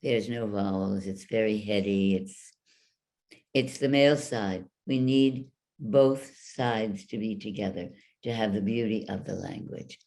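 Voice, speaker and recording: A woman's voice: rumbling low, dark tone. A woman voice coach teaching an online workshop, explaining and demonstrating sounds over a video call. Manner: demonstrative, drawn-out vocal examples.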